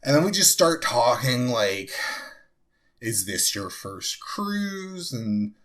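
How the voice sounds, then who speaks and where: A man's voice: medium pitch, very animated, slow pace, fairly bright tone. A young man from New Jersey, a podcast co-host, telling a story casually, with many fillers and restarts. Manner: rambling, full of fillers and restarts.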